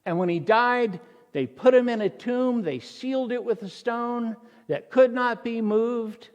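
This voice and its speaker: A man's voice: very high-pitched, a little slow, long reverb tail, dull audio, voice pushed up. A pastor voicing a grieving, earnest male disciple who recounts events in a raised voice, in a sermon.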